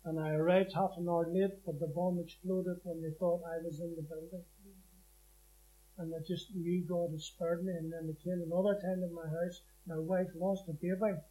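Male preacher, high voice, emphatic testimony storyteller who acts out the scripture he quotes. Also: little pitch movement, normal speed, dark tone, rough recording. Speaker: preacher giving his testimony. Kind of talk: personal testimony sermon.

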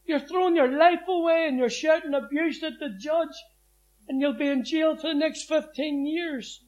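A woman's voice: mid-range voice, fairly even intonation, measured pace, dark tone, highs cut off, close to an everyday voice. A man voicing his distraught mother, who scolds her grown son in a pleading tone. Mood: scolding.

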